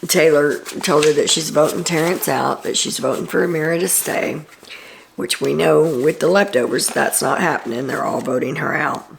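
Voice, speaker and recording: The host of a show gives a casual recap in a low, gravelly, creaky voice, at normal speed. She's chatty and opinionated, full of ums and side comments, and a little hiss or hum can be heard.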